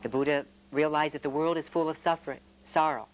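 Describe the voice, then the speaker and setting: A man who is a friar, giving a spiritual retreat talk in a measured, reflective way with gentle humor. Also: a little high, steady tone, slight background noise, rough recording.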